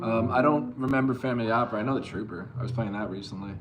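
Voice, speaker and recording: A young man from Long Island streaming live as a bass player, loosely reading chat and answering with plenty of swearing. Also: very fast, dull audio, over loud music. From Long Island, New York. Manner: loose and profane, reads chat aloud and answers.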